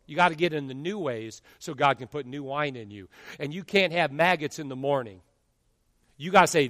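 A man in his fifties, a pastor preaching an animated sermon and acting out quotes from his congregation. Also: on the high side, normal speed, no room sound, studio quality, big-room sound. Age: 50s.

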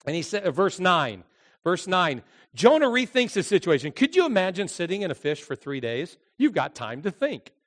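Lively high-voiced male pastor. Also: moderate pace, in a large hall. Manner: animated storytelling, acting out voices. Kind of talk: sermon.

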